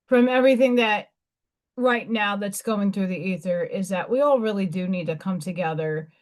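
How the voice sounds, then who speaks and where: A woman with a New York accent hosting a live stream, chatting casually and rambling with many restarts. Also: mid-range voice. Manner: rambling, loose chat with many restarts and fillers. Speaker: livestream host.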